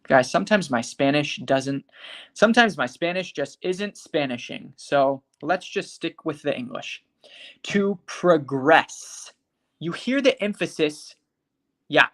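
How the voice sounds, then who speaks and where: A very animated, mid-range voice with a slight brightness belongs to an English teacher running a live online lesson. Example words come out slowly and carefully, students are addressed by name, and there are regular checks that everyone is following.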